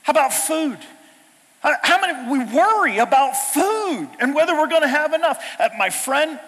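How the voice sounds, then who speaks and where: Animated high-voiced preacher in a reverberant hall. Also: male voice, moderate pace. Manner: animated, swings from loud exclamations to hushed asides. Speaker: pastor. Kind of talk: sermon. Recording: long reverb of a large hall.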